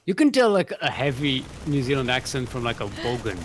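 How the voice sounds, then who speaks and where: A man's voice: medium pitch, sing-song, fairly quick, a little hiss or hum. A man casting a live strategy-game match with a playful, joking manner. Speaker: esports caster.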